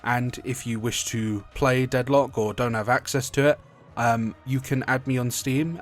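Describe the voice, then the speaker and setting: A man's voice: medium pitch, a little fast. A British man talking casually about a video game, rambling and often correcting himself mid-sentence. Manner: rambling, self-correcting, chatty. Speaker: gaming video creator.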